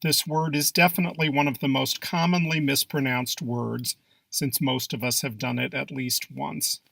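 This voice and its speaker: Guy reading a pronunciation lesson, bright voice with a gravelly edge, dry close mic. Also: mid-range voice, steady tone, moderate pace, no echo. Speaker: English pronunciation teacher. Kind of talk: scripted narration.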